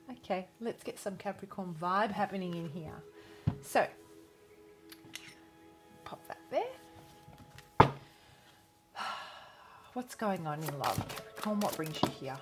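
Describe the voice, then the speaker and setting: An Australian woman reading tarot in a casual vlog, chatty and enthusiastic, often breaking off mid-sentence. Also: medium pitch. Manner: chatty, enthusiastic, self-interrupting. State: out of breath. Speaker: tarot reader.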